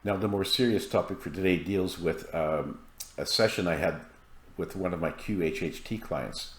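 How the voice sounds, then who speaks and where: Low-voiced guy talking calmly to camera, bit of um and uh, echoey room. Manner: measured, calm storytelling with occasional fillers. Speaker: author and hypnosis practitioner. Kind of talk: monologue to camera. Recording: roomy echo.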